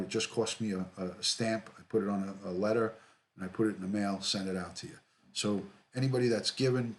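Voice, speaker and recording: Relaxed New man reading live chat. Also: fairly low pitch. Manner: relaxed, repeats himself, greets viewers by name. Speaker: livestream host, retired detective. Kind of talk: casual livestream chat reading comments.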